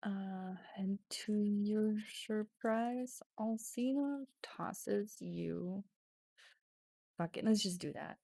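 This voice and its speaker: A woman's voice: mid-range voice, drawn-out words, gravelly, mellow, no room sound. A woman streaming a text adventure game, reading the story aloud with casual swearing and sudden drops into whispers.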